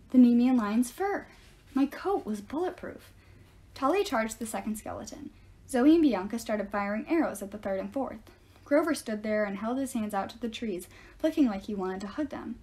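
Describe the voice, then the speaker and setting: A woman reading a novel aloud in steady first-person storytelling. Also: a little high. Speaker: audiobook reader.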